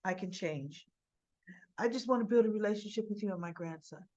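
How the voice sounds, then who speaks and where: A woman voicing a scheming older soap-opera man who makes hurried, stammering excuses while pleading for another chance. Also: mid-range voice, a little mellow, lightly acted. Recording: dull lo-fi recording.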